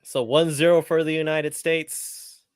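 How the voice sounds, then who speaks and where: A man's voice: a little high, little pitch movement, unhurried, smooth, no room sound, studio quality. A man hosting a live football watchalong, reacting eagerly and chatting casually, often repeating his phrases. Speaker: watchalong host. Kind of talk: live match commentary watchalong.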